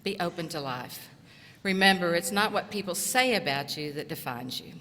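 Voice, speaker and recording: A middle-aged woman from southeast Tennessee giving an earnest, encouraging graduation speech at a podium microphone, in short, measured phrases. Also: fairly low pitch, expressive, sharp tone, a little hiss or hum. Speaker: commencement speaker and college instructor. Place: large auditorium. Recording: echoey hall reverb.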